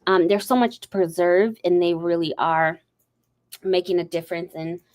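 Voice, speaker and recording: A woman's voice: on the low side, moderate pace, darkish tone. A woman hosting a livestream, chatting casually and rambling through a story with lots of fillers. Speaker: host. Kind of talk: casual chat.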